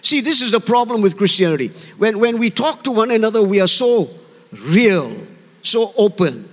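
High-voiced man preaching in a reverberant hall. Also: big pitch swings, normal speed. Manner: earnest, conversational preaching with calls for amen. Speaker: pastor. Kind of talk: sermon.

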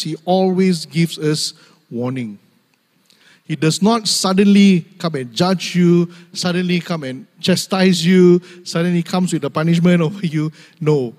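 A man's voice: high voice, a little mellow, in a large hall. A young man preaching a humorous sermon, laughing often and mimicking voices in asides. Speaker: pastor.

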